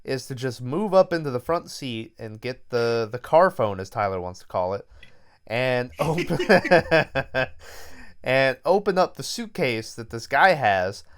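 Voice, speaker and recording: A man with a smooth, clear voice at a middle pitch, retelling a horror film scene by scene. He talks loosely and swears often, as he would in casual chat. He is recording from his bed at home. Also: very animated, unhurried, a bit bright. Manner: loose, profane storytelling. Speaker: podcast host. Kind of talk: casual movie recap.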